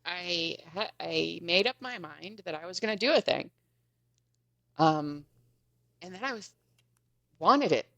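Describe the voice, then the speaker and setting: A woman podcast guest telling a story in an animated, chatty way, often laughing as she goes. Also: fairly low pitch, unhurried, creaky, pauses often, no room sound. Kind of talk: casual storytelling.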